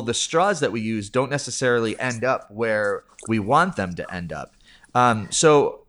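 A man's voice: mid-range voice, a bit bright. A man hosting a casual interview, playful and rambling, laughing often. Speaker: podcast host.

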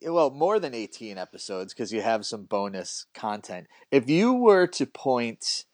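A man's voice: medium pitch, big pitch swings, measured pace, a little mellow, dry recording. A man hosting a podcast, chatting casually and encouraging his guest in an upbeat way. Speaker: podcast host. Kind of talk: casual interview chat.

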